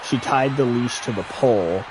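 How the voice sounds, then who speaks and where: A man streaming a game, telling stories in a casual, animated way with lots of swearing. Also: medium pitch, normal speed, noisy background. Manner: animated storytelling, frequent swearing. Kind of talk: casual chat while gaming.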